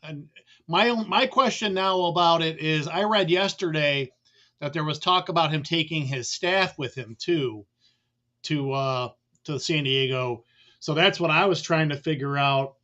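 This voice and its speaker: Relaxed man as a mortgage guest, bright voice, heard over muffled remote call audio, rambles with fillers. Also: a little high, measured pace. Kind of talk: casual remote chat.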